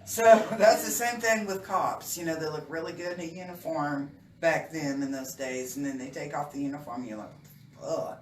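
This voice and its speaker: Middle-aged woman co-host, lowish voice, tells stories and laughs a lot, echoey room with noise behind. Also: normal speed, hardly any pauses. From Oklahoma. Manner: storytelling, laughs often, playful. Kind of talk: casual chat. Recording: roomy, distant mic, clear background noise.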